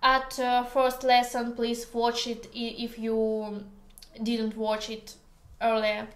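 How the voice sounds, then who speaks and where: A woman with a Russian accent teaches in a casual video lesson, her high voice moving at a slow, careful pace. She pauses often, jokes along the way, and the kitchen adds a clear echo. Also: completely flat delivery. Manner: slow, careful, hesitant English with many pauses; playful, joking. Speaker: language teacher. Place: home kitchen. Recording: echoey kitchen room.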